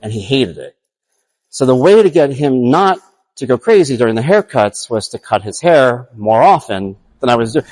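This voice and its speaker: Animated dad spinning a story. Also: male voice, medium pitch, normal speed. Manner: animated, acts out his own past thoughts in quotes. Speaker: father telling a personal story. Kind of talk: casual storytelling.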